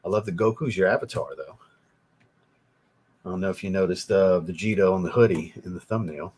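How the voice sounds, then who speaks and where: A man's voice: low-pitched, a little fast, a little mellow, husky. A young man, hosting a casual livestream and reading viewer comments, rambling and swearing as he gets worked up. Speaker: livestream host, fragrance reviewer.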